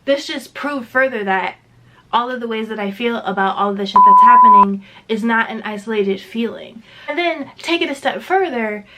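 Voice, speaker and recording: A woman's voice: a little high, animated, normal speed, heavy background noise. A young woman reviewing a book in a casual vlog, candid and emphatic, swearing freely.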